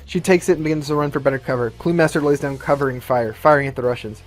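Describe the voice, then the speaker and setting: Male YouTuber, steady plain narration of a fan movie plot, mid pitch. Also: fast. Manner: plain, steady storytelling, light commentary.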